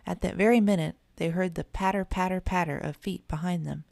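Low gravelly woman narrator. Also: fairly even intonation, a little mellow, no echo, studio quality. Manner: measured storytelling. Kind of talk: children's audiobook narration.

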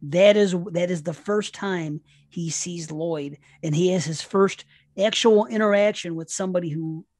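A man's voice: sits high, normal speed, a little mellow, dry recording. A man guesting on a podcast, chatting casually about horror films in a rambling, self-interrupting way with plenty of swearing. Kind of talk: casual horror film chat.

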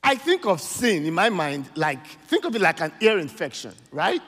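A man's voice: high voice, wildly swooping pitch, normal speed, a bit bright, big-room sound. A man with a Nigerian accent preaching a sermon, emphatic and often asking the congregation "amen?". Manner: emphatic call-and-response preaching, frequent "amen?".

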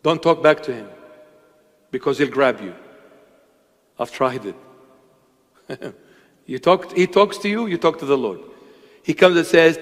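A man's voice: fairly high pitch, measured pace, long pauses. A man preaching a sermon with impassioned, emphatic delivery, sometimes acting out voices. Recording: long hall reverb.

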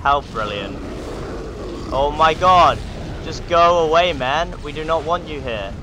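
A man's voice: a little high, lively intonation, unhurried. A man hosting a gaming channel, giving joking, sarcastic let's play commentary. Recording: game sound noise behind the voice.

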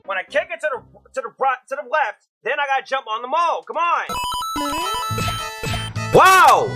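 A young man commentating his platform gameplay, ranting and yelling at the game as he fails levels. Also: very high-pitched, lively intonation, fast, soft background music. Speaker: streamer playing a platform game.

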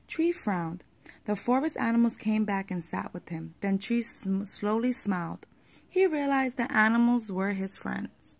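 A woman reading a children's picture book aloud at a steady pace, with the odd small slip. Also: medium pitch, a little slow, gravelly.

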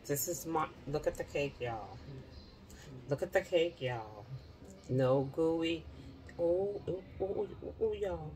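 A woman with a low voice talks straight to her viewers in a casual, chatty way while baking in her home kitchen. Her pitch swings widely as she exclaims, yet her pace stays slow and unhurried. She keeps addressing her audience directly. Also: poor audio. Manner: excitable, exclaiming. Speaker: vlogger.

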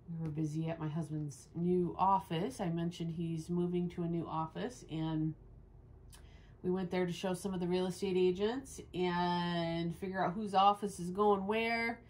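A woman's voice: lowish voice, fairly even intonation, moderate pace, a little mellow, a little hiss or hum. A woman, host of a home vlog, chatting casually while grooming her dog indoors and cooing at it between asides. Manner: chatty and rambling, coos at the dog. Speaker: dog owner and channel host. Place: indoors at home, sunny room by windows. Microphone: camera set up nearby.

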